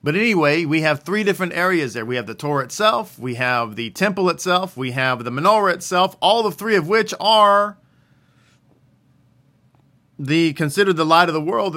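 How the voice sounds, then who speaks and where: A man with a fairly high, bright voice gives a religious teaching. He talks casually, poses questions and answers them himself, and stresses key phrases. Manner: conversational, asks and answers his own questions.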